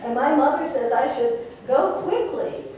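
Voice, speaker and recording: A woman's voice: high-pitched, lively intonation, measured pace, mellow, slight background noise. A woman voicing a sweet, naive little girl who talks eagerly and innocently. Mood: earnest. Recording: echoey hall from far off.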